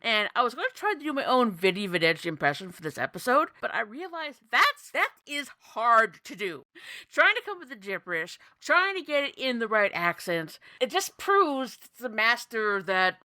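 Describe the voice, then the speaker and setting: Bright-voiced female podcast co-host. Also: medium pitch, dry recording. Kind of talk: casual chat.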